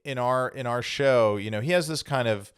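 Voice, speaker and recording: A man's voice: mid-range voice, a little fast, smooth, dry recording, clean studio sound. A man co-hosting a podcast, explaining things in a casual, rambling way full of restarts. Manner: rambling, self-correcting explanations. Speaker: podcast co-host. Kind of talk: casual chat.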